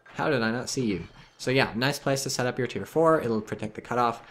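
A man's voice: medium pitch, a little fast, a bit bright. A man casually commentating a strategy game replay, analytical and wry with frequent swearing. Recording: game music and gunfire behind.

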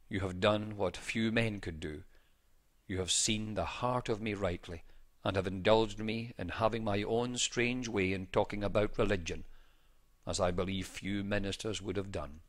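Man reading a gravely ill young Irishman, proud and earnest, low voice, formal storybook phrasing. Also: fairly bright tone, close to an everyday voice. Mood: grateful.

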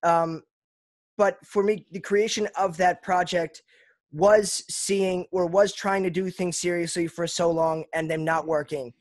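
A man's voice: high voice, fairly even intonation, unhurried, no room sound. A man from Pennsylvania, a rapper interviewed as a guest, talking in an earnest, reflective and self-deprecating way. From Lancaster, Pennsylvania. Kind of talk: casual interview chat.

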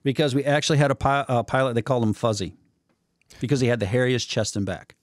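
A man's voice: mid-range voice, fast talker, dry recording, studio quality. A man telling a story in casual chat, acting out the voices of the people in it. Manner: animated storyteller, acts out voices. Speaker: guest storyteller.

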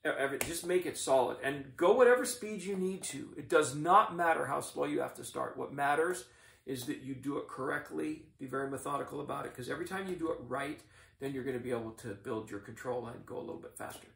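A middle-aged man teaching drumline warm-ups, explaining each exercise in a methodical, encouraging coaching manner. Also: medium pitch, fast, creaky. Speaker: drumline instructor. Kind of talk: instructional demonstration. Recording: echoey room, mic at a distance.

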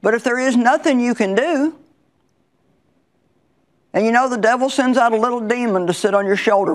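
A woman's voice: on the high side, moderate pace, pauses often. A woman Bible teacher preaching a sermon in a conversational, emphatic way, repeating her key lines.

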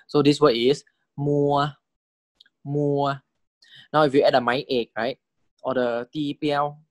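A man delivers a recorded lesson in a patient, methodical way, pausing often to check that the listener is following. He repeats each example word several times, letting his pitch rise and fall to show the tones. His voice sits at an ordinary middle pitch, and the recording is dry and close with no room echo. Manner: patient, checks understanding with repeated "correct?" and "okay?". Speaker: Thai language teacher. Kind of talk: recorded lecture explaining Thai spelling and tones.

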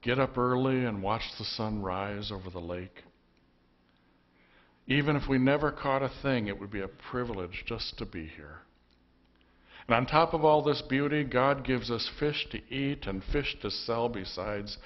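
A man's voice: medium pitch, animated, a little slow, muffled recording, close to an everyday voice. A man playing a sentimental old fisherman father. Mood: content. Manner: hearty, speechifying.

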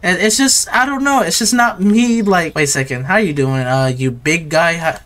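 A man's voice: a little high, moderate pace, fairly bright tone. A man giving casual, rambling gameplay commentary, chatting in slang to his viewers and to the customers in the game.

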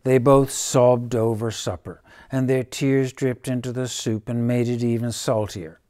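A man reading a children's picture book aloud, gentle and dramatic. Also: mid-range voice, little pitch movement, unhurried. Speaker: storyteller.

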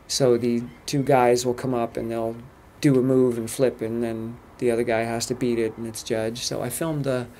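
An American man chats to his viewers in a relaxed travel vlog. His voice has a slight gravelly edge at a middle pitch. Faint ambient noise sits behind him. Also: normal speed, hardly any pauses. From United States. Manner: relaxed, chatty storytelling with laughs. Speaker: travel vlogger. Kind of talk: casual vlog commentary.

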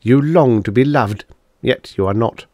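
A man voicing a suave, smooth-talking male devil-like alien who speaks patiently and coldly, in a storybook reading. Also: mid-range voice, a little slow, a little mellow, no room sound, studio quality, natural voice.

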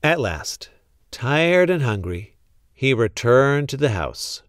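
Slow, animated man reading a story. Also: mid-range voice, no echo, studio quality. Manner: expressive, storytelling. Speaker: children's book reader. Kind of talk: storybook read-aloud.

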